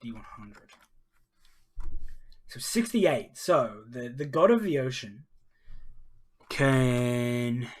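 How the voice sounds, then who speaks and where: A man's voice: medium pitch, animated, extremely slow, pauses often. A man narrating his solo tabletop role-playing game on a live stream, casual and hesitant, chatting with viewers. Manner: casual and hesitant, many ums, talks to chat.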